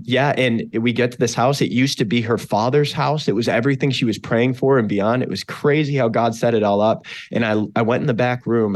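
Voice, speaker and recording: A man from western New York, a pastor talking as a podcast guest, telling his personal testimony in an earnest, animated way, with many fillers and restarts. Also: lowish voice.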